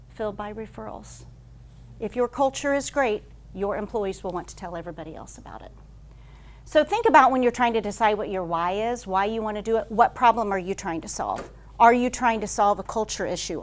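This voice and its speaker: A woman HR consultant giving a conference talk to a live audience, telling stories at a rapid clip with frequent fillers. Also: medium pitch. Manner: fast-paced, says she talks like an auctioneer; lively storytelling with frequent "um" fillers.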